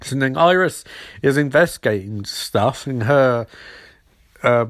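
A man's voice: medium pitch, lively intonation, a little slow, a bit bright, no echo, studio quality. A man hosting his own podcast, recapping a TV episode casually and jokingly, briefly mimicking characters as he goes. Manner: rambling and jokey, briefly mimicking characters in quotes. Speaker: podcast host.

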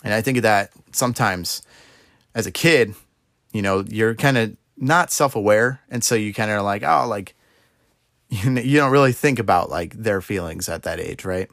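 A man's voice: fairly low pitch, normal speed, a bit bright, dry recording, clean studio sound. A young man giving a casual, conversational sermon, often checking in with "right?" and "like". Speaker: preacher.

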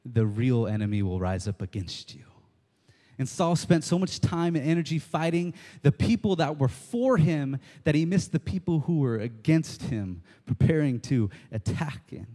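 Male preacher, lively storytelling sermon, repeats points for emphasis, long hall reverb. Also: fairly high pitch. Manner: animated storytelling, acts out quotes, repeats key lines.

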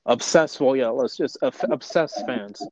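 A man's voice: medium pitch, unhurried, no echo, lo-fi sound. A man chatting casually with friends on a podcast, rambling and filling his talk with "like" and "you know". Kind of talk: casual chat.

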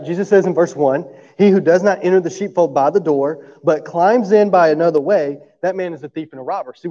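Male pastor, casual sermon delivery, mellow slightly raised voice, dull lo-fi recording, checks in with the room. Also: fairly high pitch, long reverb tail. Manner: conversational, asks the room for agreement often. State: coughing from allergies.

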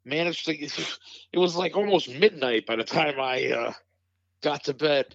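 A man co-hosting a podcast from home, talking in a halting, hesitant way in casual chat. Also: a little high, vocal fry, dry recording, muffled recording. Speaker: podcast co-host. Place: home, remote call.

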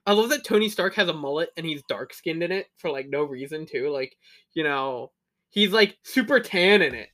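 A man's voice: fairly high pitch, lively intonation, moderate pace, a bit bright. A young man co-hosting a podcast, chatting casually with slang and swearing, laughing at his own stories. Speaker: podcast co-host. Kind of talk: casual chat.

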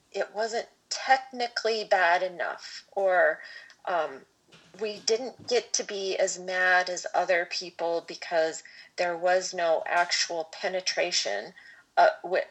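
A woman podcast host speaking in a measured, reflective way, often restarting her phrases. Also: fairly low pitch, steady tone, low-quality recording. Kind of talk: podcast conversation.

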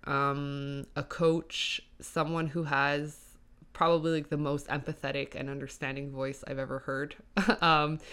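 A woman's voice: low voice, fairly bright tone, smooth. A young woman hosting her own podcast, rambling through a solo monologue with many fillers, tired but upbeat. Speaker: podcast host.

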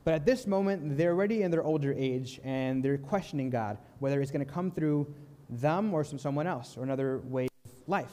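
A young man preaching a sermon, telling a story in a calm, earnest way and slowing down softly on key lines. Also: mid-range voice, long reverb tail. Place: church sanctuary.

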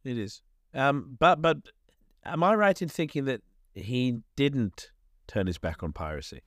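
A man's voice: mid-range voice, animated, a little slow, no echo. A man co-hosting a comedy podcast, feeding questions and puns in a dry, mock-earnest way. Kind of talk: improvised comic chat.

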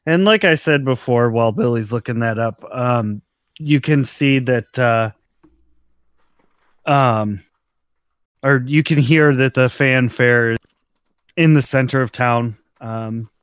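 Slow, relaxed man running a tabletop game. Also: medium pitch, clean tone, no room sound. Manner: relaxed, laughs often, many ums. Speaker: game master.

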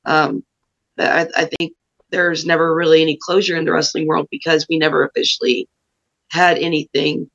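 A woman's voice: low-pitched, little pitch movement, normal speed, vocal fry, fairly bright tone, highs cut off. A woman pro wrestler, a podcast guest, speaking in an earnest, reflective way in casual interview talk.

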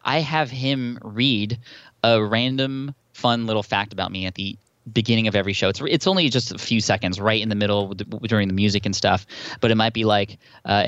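A man's voice: lowish voice, quick pace, dry recording, lo-fi sound. A man as a podcast guest, chatting and telling stories with many restarts and fillers. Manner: chatty, frequent restarts and fillers, animated storytelling. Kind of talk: conversational interview answer.

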